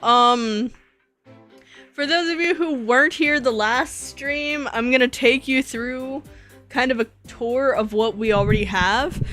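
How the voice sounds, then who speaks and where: A woman's voice: on the high side, a bit bright. A woman streamer chatting casually and playfully while she models in 3D, rambling and joking about herself as she works. She says she is sleepy.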